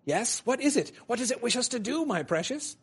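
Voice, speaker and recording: A man's voice: very high-pitched, big pitch swings, brisk, breathy edge, pitched above the performer's own voice, heavily acted. A whiny, pleading cave creature, as a man reads him aloud. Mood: sly. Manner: pleading, hissing storybook reading. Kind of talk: reading a storybook aloud.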